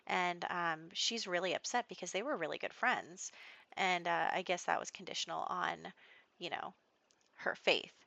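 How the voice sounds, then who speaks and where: A woman's voice: fairly low pitch, moderate pace, creaky, bright, forceful tone, no echo. A woman casually narrating her life-sim game story in a chatty, giggly way, full of "you know" and "like". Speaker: Sims let's play host.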